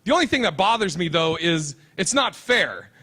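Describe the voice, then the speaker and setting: A man's voice: sits high, sing-song, normal speed, sharp tone, breathy edge. A man performing a stand-up comedy set on a convention stage, with a brash, crude and punchy delivery.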